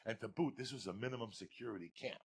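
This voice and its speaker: A middle-aged man telling crude, profane comic stories on a podcast, loud and laughing, jumping from shouts to low mutters. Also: quick pace, slight background noise. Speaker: podcast guest storyteller. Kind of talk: profane comedic storytelling.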